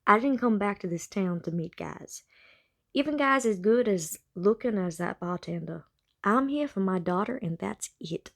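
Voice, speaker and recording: A woman's voice: medium pitch, lively intonation, normal speed, vocal fry, fairly bright tone. A slightly tipsy woman in a put-on Southern American accent reads a first-person novel casually, with small stumbles and self-corrections. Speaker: amateur novel narrator.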